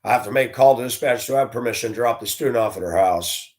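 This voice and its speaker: A man telling stories about his years as a school bus driver, blunt and animated, acting out the voices he quotes. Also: medium pitch, quick pace. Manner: blunt, plain-spoken. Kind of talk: storytelling monologue.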